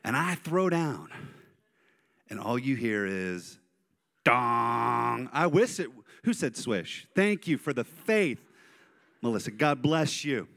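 A male pastor preaching a sermon, telling animated personal stories and speaking directly to his congregation. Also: medium pitch, slow pace. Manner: animated, storytelling, addresses congregation.

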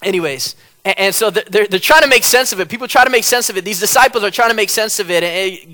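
A man preaching a sermon, conversational and humorous, acting out quotes dramatically and rising at times to loud cries. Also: high-pitched, quick pace. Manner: dramatic, acts out quotes, rises to shouts.

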